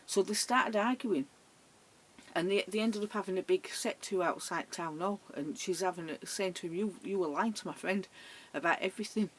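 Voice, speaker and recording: This is a middle-aged woman with a husky, breathy tone. She tells stories in an easy, conversational vlog style and animates each anecdote as she retells it. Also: lowish voice, moderate pace, rough recording. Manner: chatty, animated retelling with laughs. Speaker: vlogger. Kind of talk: casual storytelling.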